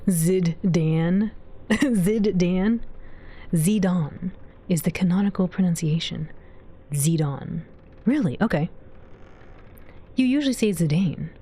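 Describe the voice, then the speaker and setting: A woman's voice: on the low side, slow, long pauses, warm tone, breathy edge. A woman livestreamer chatting casually with her viewers as she plays, giggling often and reading their messages aloud. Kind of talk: casual game commentary to chat.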